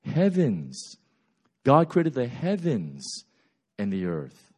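A man preaching a sermon, retelling Bible stories with lively voices for the characters and swinging between loud bursts and quiet, slow passages. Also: mid-range voice, breathy edge. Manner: animated storytelling, acts out biblical characters' voices.

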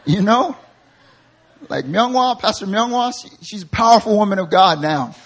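A man preaching a sermon, moving between quiet, joking storytelling and loud, fervent shouting, acting out quoted people with humor. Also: high voice, expressive, normal speed. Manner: acts out quoted voices with humor. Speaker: pastor.

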